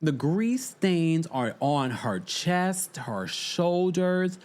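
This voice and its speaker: A man's voice: a little high, very slow. A man hosting a casual reality TV recap, exasperated and chatty, reacting to his viewers. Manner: exasperated, animated, chatty, talks to the chat. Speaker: podcast host.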